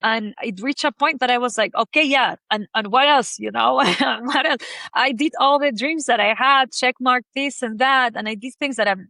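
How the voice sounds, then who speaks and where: A woman's voice: on the high side, moderate pace, few pauses, sharp tone, dry recording. A woman in her thirties from Argentina with an Argentine accent, telling her story as a podcast guest in a chatty way full of fillers. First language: Spanish. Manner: chatty, lots of "like" and "you know" fillers. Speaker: guest, fashion designer.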